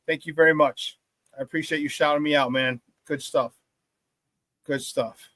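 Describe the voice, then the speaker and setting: A man hosting a morning sports talk show, chatting casually with hype-man energy, greeting viewers and shouting out the chat. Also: fairly high pitch, steady tone, moderate pace, no room sound.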